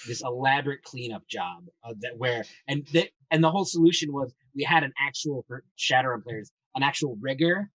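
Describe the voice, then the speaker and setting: A man's voice: medium pitch, a little fast, few pauses, fairly bright tone, no room sound, far from the mic, rough recording. A man chatting casually about tabletop role-playing, rambling and enthusiastic, swearing freely as he tells stories. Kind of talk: casual chat.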